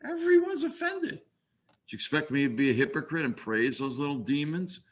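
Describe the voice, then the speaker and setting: A man's voice: a little high, sing-song, moderate pace. A man reading aloud the lines of an exasperated young woman reporter from a comic book, in a reproachful tone.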